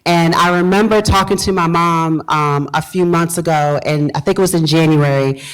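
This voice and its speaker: A woman's voice: sits low, moderate pace, clear, resonant tone, rough recording. A woman from Virginia, a pastor giving a motivational talk to a live audience, repeating key phrases and quizzing the room. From Virginia, US South. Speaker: pastor and speaker.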